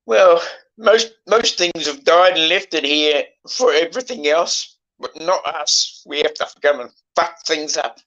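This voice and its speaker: A man in his sixties in casual conversation, emotional and halting, swearing often as he talks. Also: fairly high pitch, a bit bright, highs cut off. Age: 60s.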